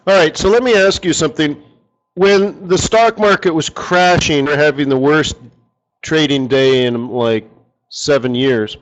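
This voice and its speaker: A man with a slightly high voice and measured pace runs a live forex strategy session, recorded with poor audio. He talks casually and rambles, often posing rhetorical questions to his audience.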